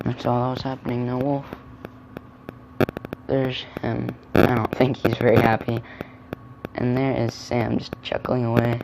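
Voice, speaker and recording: A man reading a children's picture book aloud, adding gentle chatty comments about the pictures. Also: medium pitch, monotone, measured pace, creaky, long pauses, noisy background. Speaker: storyteller.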